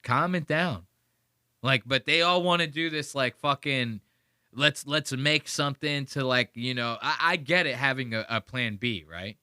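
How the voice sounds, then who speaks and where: A male podcast host ranting in a casual, profane, animated way, full of "like". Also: mid-range voice, unhurried, smooth, dry recording, studio quality. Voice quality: animated, profane, heavy use of "like".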